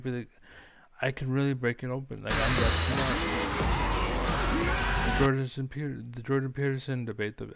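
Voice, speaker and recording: Gravelly man ranting and swearing. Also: medium pitch, dry recording. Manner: swearing, repetitive, self-assured. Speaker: streamer. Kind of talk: rambling profane rant.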